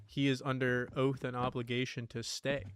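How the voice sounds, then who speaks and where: A man's voice: mid-range voice, flat delivery, moderate pace, a bit bright, slight background noise. A young man casually talking over a game, telling a story in a loose, rambling way full of swearing and "dude". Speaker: gaming streamer. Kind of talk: casual gameplay commentary with storytelling.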